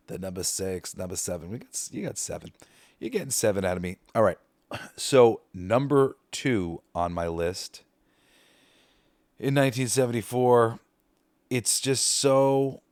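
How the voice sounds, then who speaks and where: A man's voice: fairly low pitch, no echo. Guy on his podcast gushing about movies, swears a lot, cracks himself up, very dry close mic. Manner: excited, profane, laughs while retelling scenes. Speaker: podcast host. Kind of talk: casual movie ranking chat.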